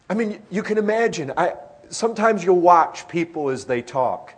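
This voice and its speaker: A middle-aged man preaching a sermon in an earnest way, his voice swelling loud and then dropping to a hush. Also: sits high, expressive, slow, slightly rough.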